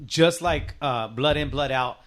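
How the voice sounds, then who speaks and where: A man's voice: mid-range voice, unhurried, a bit bright. A man, a stand-up comedian from Northern California, chatting casually on a podcast, laughing, swearing and slipping into movie-quote voices. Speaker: comedian guest.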